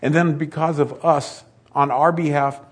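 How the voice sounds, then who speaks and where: A man's voice: a little high, fairly even intonation, moderate pace, slightly rough. A man preaching a sermon in a conversational way that builds to emphatic peaks.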